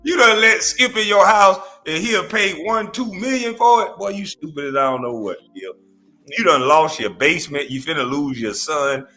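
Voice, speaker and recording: A man's voice: fairly high pitch, expressive, normal speed, pushed and bright, faint music behind. A man hosting a reaction show, ranting bluntly and profanely, mocking his target. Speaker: host. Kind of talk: reaction commentary rant.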